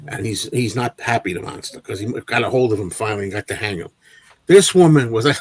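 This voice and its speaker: A man hosting a casual movie chat livestream, telling an animated anecdote with frequent restarts and repeated words. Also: mid-range voice, a little fast, dry recording. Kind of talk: casual storytelling to a live chat.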